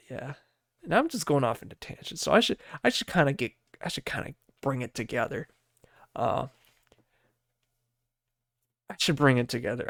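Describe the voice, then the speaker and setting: A man's voice: mid-range voice, creaky, no echo, clean studio sound. A man from the Midwest hosting a podcast, rambling casually, swearing freely and laughing at himself. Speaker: podcast host.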